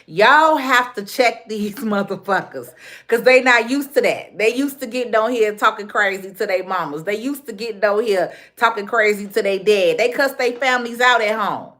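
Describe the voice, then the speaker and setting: A woman's voice: medium pitch, normal speed, a bit bright. A woman with a Chicago accent ranting live into her phone. She talks bluntly, circles back over the same points, and slips easily into street slang. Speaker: livestream host. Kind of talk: casual livestream rant.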